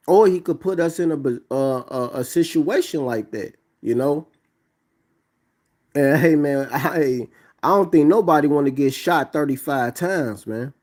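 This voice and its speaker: A man pausing a video to preach, emphatic, reading scripture aloud in between. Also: a little high, darkish tone. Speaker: religious commentator. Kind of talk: preaching commentary on a clip.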